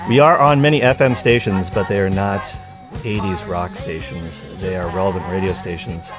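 A man's voice: low-pitched, fairly even intonation, moderate pace, over music. A man hosting a call-in radio talk show, chatty and joking with his listeners. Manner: chatty, jokey, upbeat.

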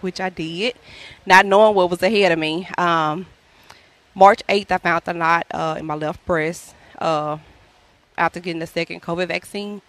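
A woman's voice: lowish voice, fairly bright tone, no room sound. Female guest, Southern accent, hesitant, heartfelt, lots of fillers. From Louisiana. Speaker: guest, traveling worker. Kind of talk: personal story in an interview.

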